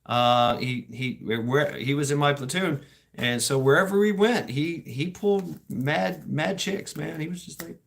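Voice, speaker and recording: Male podcast host, middle-aged, casual and profane storyteller, slightly high voice, bursts into squeaky impressions. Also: unhurried, creaky. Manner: animated, laughing, swearing, acts out quotes in high voices.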